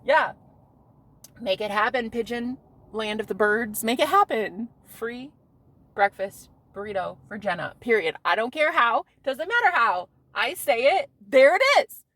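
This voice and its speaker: Out on a street, a woman in her thirties vlogs casually with a brash, loud-mouthed attitude, cursing and laughing often. She speaks at a medium pitch.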